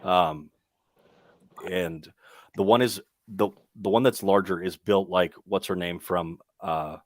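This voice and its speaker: A man's voice: deep voice, fairly even intonation, slow, no room sound, studio quality. A young man narrating a tabletop game as game master, rambling along with many ums and restarts.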